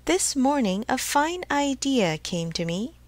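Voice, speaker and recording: A woman's voice: sits high, very animated, unhurried, no room sound, pitched above the performer's own voice. A woman voicing a fiery little old man, a woodcarver, who speaks eagerly and lightly.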